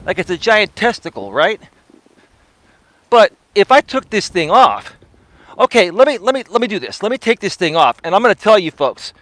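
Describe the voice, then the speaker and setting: A man's voice: high voice, very animated, moderate pace, a bit bright, no echo. A man hosting a live-streamed coaching talk while walking a windy outdoor trail, speaking into a foam-windscreened mic near his face. He sounds conversational and preachy, tagging points with rhetorical questions. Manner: conversational and preachy, with frequent rhetorical "right?" tags. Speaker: personal development coach and live-stream host. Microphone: clip-on mic with a foam windscreen near the face.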